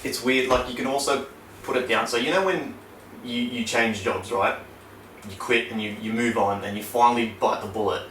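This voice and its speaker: A man's voice: medium pitch, normal speed. A young man, a podcast host, telling stories in casual, sweary chat. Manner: sweary, animated storyteller. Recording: echoey room, mic at a distance, faint noise.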